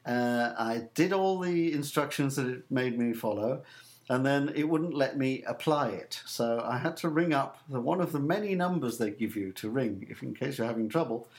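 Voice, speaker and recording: A man's voice: medium pitch, expressive, normal speed. Sweary laughing man telling a story. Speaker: co-host. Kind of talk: casual chat.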